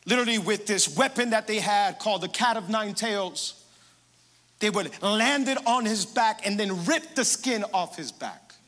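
A man pastor preaching a sermon, emphatic, moving between hushed passages and loud, rising declarations. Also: high-pitched, big-room sound.

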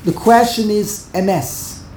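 A woman's voice: medium pitch, slow, a little mellow, slight background noise. A woman teaching a Torah grammar class, emphatic and repeating words while she corrects pronunciation. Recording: echoey room.

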